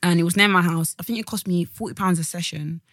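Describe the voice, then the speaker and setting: A woman's voice: fairly low pitch, fairly even intonation, quick pace, a bit bright, no echo, studio quality. A woman, co-hosting a podcast in casual, slangy chat that trails off and restarts. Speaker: podcast co-host.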